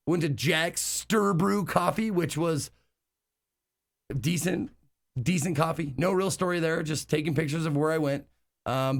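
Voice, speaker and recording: Male streamer, casual chat, rambling delivery with many fillers and casual swearing, slightly high voice. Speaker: live streamer.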